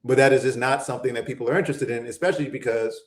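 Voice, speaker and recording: A man's voice: mid-range voice, fairly even intonation, racing. A man hosting a morning talk show, explaining his points thoughtfully in casual chat. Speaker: host. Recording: roomy echo.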